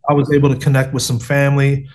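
A man's voice: medium pitch, monotone, fast talker, a little mellow. A man telling his faith story in an interview over a video call, earnest and street-casual, often saying "man" and "bro".

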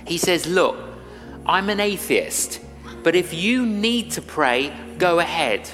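Lively man telling a story. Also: high voice, takes it slowly, long reverb tail, music in the background. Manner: lively storyteller acting out dialogue. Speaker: guest minister. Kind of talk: storytelling sermon-style talk.

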